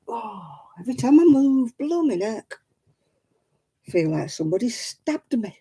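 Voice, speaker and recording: Gravelly, chatty woman. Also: a little high, sing-song, unhurried, mellow, poor audio. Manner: chatty, self-deprecating, greets viewers by name. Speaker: crafting livestream host. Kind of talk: casual livestream chat with viewers.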